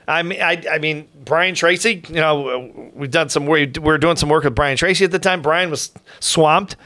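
A man's voice: on the high side, a little fast, no echo. Rambling middle-aged man telling stories. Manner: rambling, many restarts and asides, animated quotes. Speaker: podcast host, professional speaker. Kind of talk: casual storytelling.

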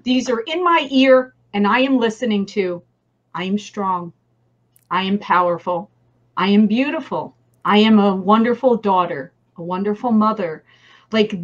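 A woman's voice: high-pitched, a bit bright, muffled recording. A woman with a New Jersey accent, a guest talking energetically and emphatically, laughing often. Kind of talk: casual chat on a webinar.

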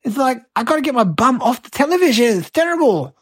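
A woman's voice: sits high, big pitch swings, fast talker, husky, no echo, exaggerated voice. Woman playing a rambling eight-year-old boy. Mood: excitable. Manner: rambling, breathless, childlike exaggeration. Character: cheeky eight-year-old boy telling tall tales. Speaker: host. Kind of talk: comic storytelling monologue.

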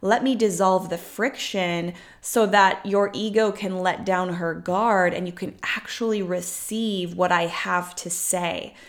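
Young adult woman, slightly low voice, podcast coach, chatty, upbeat and emphatic, fillers everywhere. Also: fairly even intonation, unhurried, few pauses. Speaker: podcast host and business coach. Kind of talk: casual motivational monologue.

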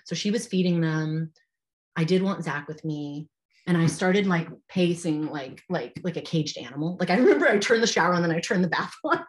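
Low-voiced woman telling a heartfelt story. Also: a little fast. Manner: heartfelt, frank, peppered with "like". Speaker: podcast guest. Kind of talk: candid personal storytelling.

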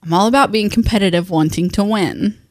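A middle-aged woman chatting casually, animated and laughing often, with frequent restarts. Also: mid-range voice, a little fast, no room sound, clean studio sound. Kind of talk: casual chat.

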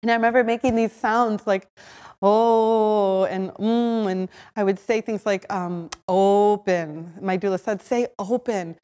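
A woman hosting a podcast, telling her own story in a lively way, acting out her own voice in quotes and often saying "like". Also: medium pitch, unhurried, long reverb tail. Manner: animated, acts out her own voice in quotes, frequent "like". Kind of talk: personal storytelling.

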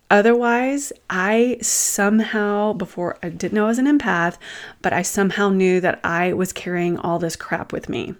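A woman hosting her own show, sharing a personal story in a thoughtful, candid monologue. She pauses and restarts her sentences, with self-deprecating asides. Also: medium pitch. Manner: thoughtful, unhurried, often pausing and restarting. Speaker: host sharing personal experiences.

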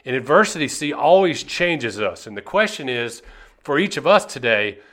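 A man's voice: medium pitch, big pitch swings, normal speed, fairly bright tone. A man hosting a motivational podcast, speaking earnestly and emphatically as a success coach and telling a story.

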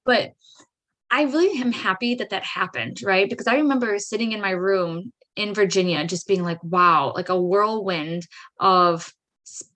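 A woman hosting a podcast who tells a personal story in a chatty way. She says "like" and "right?" a lot and acts out her own excited reactions. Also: mid-range voice, normal speed. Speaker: podcast host.

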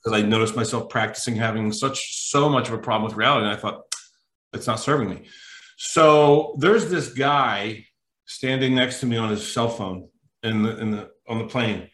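Bright-voiced man telling a lively story. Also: mid-range voice, moderate pace, echoey room. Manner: lively, emphatic, acts out quotes. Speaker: mental toughness coach, podcast guest. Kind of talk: animated anecdotal storytelling.

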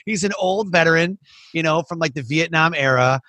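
A podcast host and coach chats in a casual interview, rambling and full of "like" and restarts. His voice is a little high, brisk and sharp, with no room sound.

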